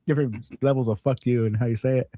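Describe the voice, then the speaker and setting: Playful, laughing man with a mellow voice. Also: mid-range voice, fairly even intonation, quick pace, no room sound. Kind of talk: casual chat.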